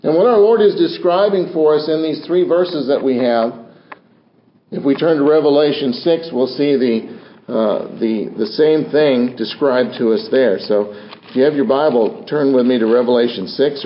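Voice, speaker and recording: A man's voice: medium pitch, moderate pace. An older man preaching a sermon from the pulpit with dramatic, swinging delivery and repeated phrases. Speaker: pastor. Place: church sanctuary. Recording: roomy dull church recording.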